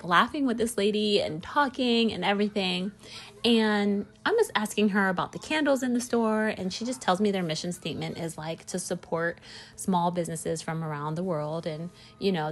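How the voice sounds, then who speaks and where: A woman who makes candles, chatting casually in a storytelling vlog and rambling with lots of "like" and "you know.". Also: on the low side. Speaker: candle maker and small business owner.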